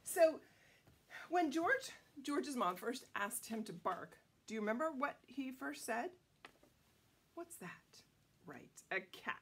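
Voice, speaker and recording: Slow, lively storytime lady with a breathy voice. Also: sits high. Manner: playful, teacherly, sounds out letters slowly for kids. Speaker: children's storytime reader. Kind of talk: reading a picture book aloud to young children.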